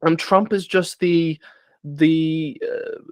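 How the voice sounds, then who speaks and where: Rambling podcast co-host. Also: male voice, a little high, steady tone, slow, no room sound. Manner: rambling, searching for words, with many restarts. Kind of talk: casual political chat.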